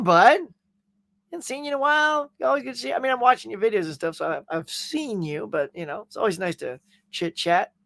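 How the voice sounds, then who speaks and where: High-voiced chatty man hosting a live stream. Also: vocal fry, no room sound. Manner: chatty, jokey, animated. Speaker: host. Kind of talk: casual live stream chat, reading viewer comments.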